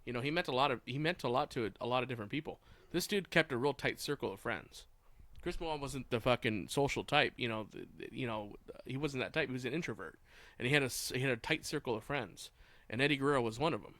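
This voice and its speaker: Man, co-host, blunt and profane, mid-pitched voice, dry close mic. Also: fast, fairly bright tone, no room sound. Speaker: podcast co-host. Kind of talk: casual chat.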